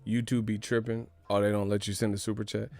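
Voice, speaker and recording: A man hosting a casual boxing news livestream, talking in an animated, joking and profane way. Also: on the low side, fast, creaky, dry recording.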